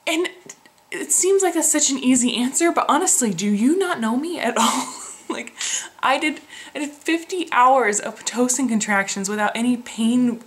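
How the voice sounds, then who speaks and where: A woman's voice: high-pitched, animated, normal speed. A young woman casually vlogging, chatty and frustrated, laughing often. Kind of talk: casual pregnancy vlog.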